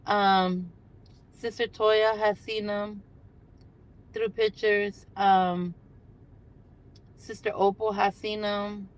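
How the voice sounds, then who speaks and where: An older woman hosts a casual livestream from her parked car, chatting with viewers by phone in a rambling way full of fillers. Her mid-range voice is flat, with drawn-out words and long pauses, and the audio is poor.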